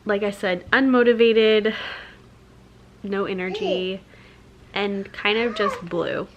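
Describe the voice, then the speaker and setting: A young woman, a stay-at-home mom, talking candidly to the camera at home in a soft, halting and emotional way, with many pauses and fillers. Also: medium pitch, muffled recording, a little hiss or hum. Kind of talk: candid vlog chat. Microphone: camera mic.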